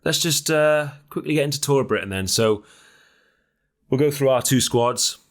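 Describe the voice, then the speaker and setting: A man co-hosting a podcast, chatting casually with animated, teasing banter. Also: mid-range voice, normal speed. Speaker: podcast co-host. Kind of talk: casual chat.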